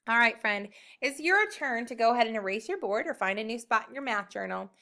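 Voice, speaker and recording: Young woman teacher, high and bright, encouraging and slow for young kids. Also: animated. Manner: upbeat, encouraging, slow and clear. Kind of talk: recorded math lesson for young children.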